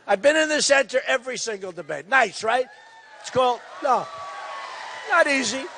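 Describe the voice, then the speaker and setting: A man in his sixties giving a campaign rally speech, loud and repetitive, hammering his points with emphasis. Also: very high-pitched, expressive, moderate pace, big-room sound. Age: 60s. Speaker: political candidate.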